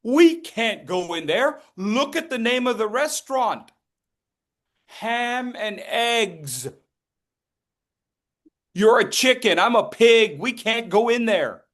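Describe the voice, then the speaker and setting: A man's voice: very high-pitched, sing-song, takes it slowly, pauses often, fairly bright tone, pitched above the performer's own voice, exaggerated voice. A man voicing an indignant male pig in a spoken fable, exclaiming emphatically. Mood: incredulous.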